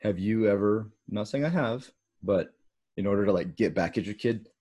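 A man's voice: lowish voice, moderate pace, mellow, slightly rough. A man co-hosting a podcast, chatting casually and joking at his own expense. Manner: joking, laughs at himself. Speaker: podcast co-host. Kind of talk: casual chat.

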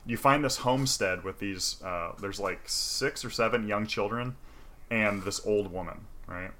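A man's voice: on the low side, measured pace, bright, forceful tone. A man casually retelling a game's story in loose, profane talk full of fillers.

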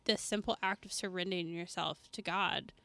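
A young woman co-hosting a faith podcast, backing her friend up with quick affirmations. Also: lowish voice, fairly even intonation, bright, forceful tone. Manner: supportive, quick affirmations, laughs often. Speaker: podcast co-host. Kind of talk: casual faith chat.

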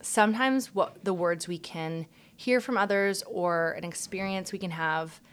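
Woman host of a faith podcast, slightly low voice, affirming and conversational. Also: measured pace, smooth. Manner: warm, affirming, frequent "um" and "mm-hmm". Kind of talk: faith-based casual chat.

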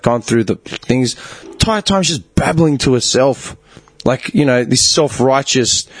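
A man's voice: medium pitch, husky, dry recording. A man hosting a podcast, telling a story in a rambling, profane way, with lots of fillers and restarts. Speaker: podcast host. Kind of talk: casual storytelling monologue. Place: small studio, partly soundproofed.

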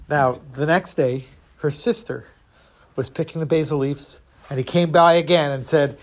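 A man's voice: fairly high pitch, moderate pace. Playful man retelling a folktale. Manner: playful, animated storytelling with voices. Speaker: storyteller.

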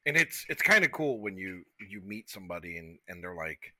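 A man from the United States co-hosting a podcast in casual chat, profane and expressive, with lots of "like.". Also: deep voice, brisk, no echo. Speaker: podcast co-host.

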